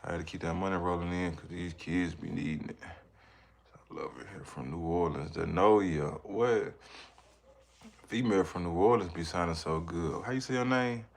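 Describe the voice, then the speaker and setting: At normal speed and in a low voice, this livestreaming father reads viewers' comments and rambles through a casual live chat.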